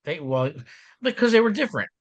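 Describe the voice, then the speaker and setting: A male podcast host chatting casually, joking and filling with "uh", his voice a little deeper and rough after being ill. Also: very animated, fairly quick, dry recording, lo-fi sound. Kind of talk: casual chat.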